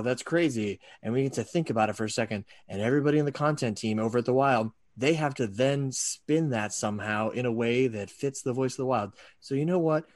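A man hosts a podcast in a loose, rambling, sarcastic way, stumbling over restarts as he riffs. His voice sits at an ordinary middle pitch. The sound is close-miked and dry, with no room around it. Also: dry recording. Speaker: podcast host. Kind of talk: casual podcast banter. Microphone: studio microphone.

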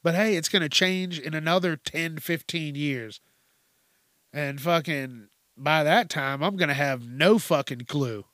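A man's voice: a little high, unhurried, a bit bright, no echo. A middle-aged man hosting a podcast, talking in a blunt, profane, rambling monologue. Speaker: podcast host. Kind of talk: casual monologue.

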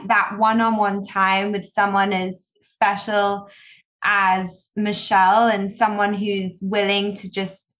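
A young woman, a designer appearing as a guest, chats casually in an interview about her design partner, rambling through long sentences full of fillers and restarts. Her voice is mid-range and a bit bright.

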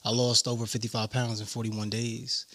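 A man from New York with a New York accent, a guest telling his life story in an animated way. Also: mid-range voice, normal speed. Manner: animated storyteller, acts out quotes. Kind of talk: casual interview storytelling.

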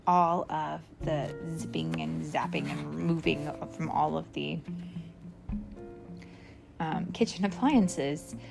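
A woman reading a picture book aloud to a child, playful and animated, stopping often to ask questions about the pictures. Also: low-pitched, takes it slowly, vocal fry, pauses often, over music. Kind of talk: storybook read-aloud with questions.

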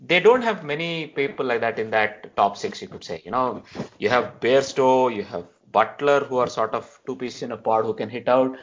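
A man's voice: medium pitch, lively intonation, a bit bright. Man talking cricket on lo-fi audio. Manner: measured, analytical, frequent "right?" tags. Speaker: podcast host. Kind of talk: casual cricket discussion. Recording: dull lo-fi audio.

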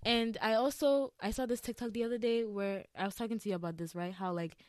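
A woman's voice: medium pitch, steady tone, no echo, clean studio sound. Chatty young woman hosting a podcast. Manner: chatty, fast storytelling with many fillers. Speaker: podcast host. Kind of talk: casual chat.

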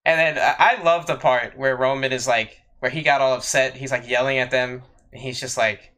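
Bright-voiced man chatting on a podcast. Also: medium pitch, steady tone, normal speed, hardly any pauses. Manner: chatty, with many fillers and repeated words. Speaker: podcast co-host. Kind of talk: casual podcast chat.

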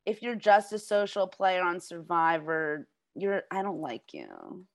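A young woman co-hosting a podcast in casual chat, halting with restarts and trailing off as she makes her point. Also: on the low side, big pitch swings, gravelly. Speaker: podcast co-host.

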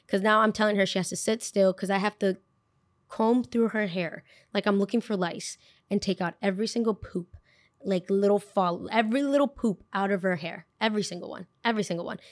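Young woman doing a storytime podcast, super chatty, says like a lot, mid-pitch voice. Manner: animated, chatty, lots of "like" fillers. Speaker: podcast host. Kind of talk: casual storytime.

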